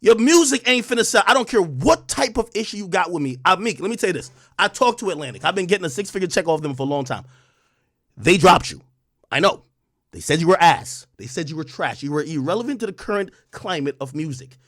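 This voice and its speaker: A man on a livestream, ranting loudly and profanely at a rival, swinging between shouting and calmer talk. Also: high voice, quick pace, no echo, clean studio sound. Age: adult under 45. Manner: loud, profane, combative, swings from shouting to calm. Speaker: streamer commentator. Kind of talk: heated livestream rant.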